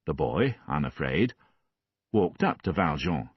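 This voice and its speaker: A man reading a classic novel aloud as an audiobook narrator, measured and expressive. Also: low voice, no room sound, highs cut off.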